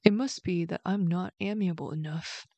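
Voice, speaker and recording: A big, shy gorilla baker from a bedtime story, muttering worried thoughts to himself, as a woman puts him on. The voice is close and dry, with a gravelly edge. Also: lowish voice, normal speed, mellow, dry recording. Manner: fretful, talking to himself.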